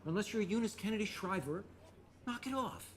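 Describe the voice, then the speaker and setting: A man's voice: sits high, expressive, a little fast, slight background noise. An actor playing a blunt adult male customer who sarcastically mocks a barista. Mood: deadpan. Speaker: coffee shop customer.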